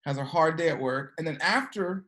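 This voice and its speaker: A woman's voice: deep voice, normal speed, a bit bright. A woman teaching a class, telling a story and checking in with her students with frequent "okay?" questions. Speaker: teacher of an energy work class.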